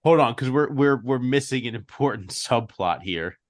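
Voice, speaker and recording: A man's voice: medium pitch, lively intonation, normal speed. Man, podcast co-host, casual movie chat, mocking, laughing, profane riffing.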